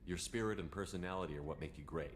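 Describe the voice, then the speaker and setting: An actor playing a male starship commander who speaks in an even, measured way in a game. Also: sits low, a little hiss or hum, close to an everyday voice. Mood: calm.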